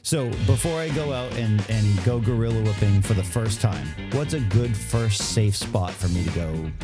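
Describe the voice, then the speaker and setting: A man hosting a video, asking a guest questions and narrating his own attempts in a wry, deadpan way. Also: lowish voice, normal speed, loud music behind the voice. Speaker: host. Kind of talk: interviewing and vlog narration.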